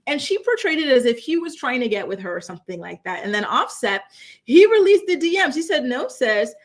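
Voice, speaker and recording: Brief: young woman commentator, casual and emphatic, somewhat high pitch, talks straight to camera indoors. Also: sing-song, fairly quick. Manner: chatty, emphatic, rhetorical questions. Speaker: commentary channel host.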